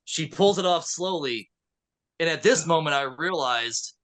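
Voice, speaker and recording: A man co-hosting a podcast in a studio, retelling a film with lively acted-out lines. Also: on the high side. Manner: animated storytelling, acts out characters' lines. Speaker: podcast co-host. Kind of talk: casual movie recap chat.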